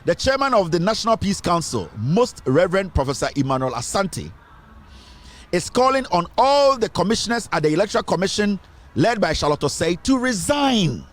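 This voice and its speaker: A man's voice: high voice, sing-song, normal speed. A man with a Ghanaian accent hosting an online news show, emphatic and repeating phrases as he comments on politics. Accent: Ghanaian English. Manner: switches between English and Twi, emphatic, repeats phrases.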